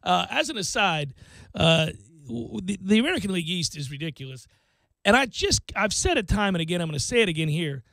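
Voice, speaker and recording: A man hosting sports talk radio, chatting casually and excitedly, rattling off baseball stats and joking around. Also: high voice, brisk, gravelly, no room sound.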